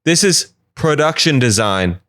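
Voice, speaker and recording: A man's voice: on the high side, animated, measured pace, fairly bright tone, no room sound, clean studio sound. Man rambling through a solo comedy podcast. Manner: rambling, joking asides. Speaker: podcast host. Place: apartment.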